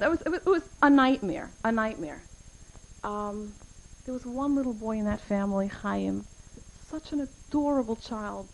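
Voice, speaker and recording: A woman's voice: fairly high pitch, darkish tone, slight background noise, rough recording. A middle-aged woman giving an earnest talk at a community event, telling personal stories and using Hebrew and Yiddish terms.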